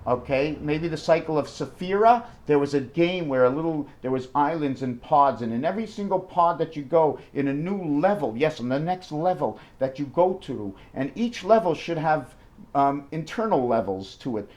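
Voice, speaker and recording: A man in a rambling monologue, jumping excitedly between numbers and firing off rhetorical questions. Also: moderate pace. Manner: wide swings in pitch and loudness. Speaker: numerology video maker.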